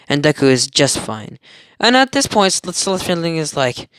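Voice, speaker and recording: A man's voice: fairly high pitch, sing-song, normal speed, fairly bright tone, smooth, no echo, studio quality. A young man casually retelling a fan story, rambling, giggling and correcting himself as he goes. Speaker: amateur storyteller.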